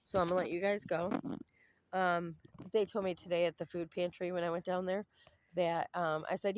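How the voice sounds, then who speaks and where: A woman's voice: lowish voice, fairly even intonation, a little fast, darkish tone. A woman vlogging outdoors by a duck pond, venting in a cranky, irritable, rambling way while filming on her phone. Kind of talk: casual rambling monologue to camera.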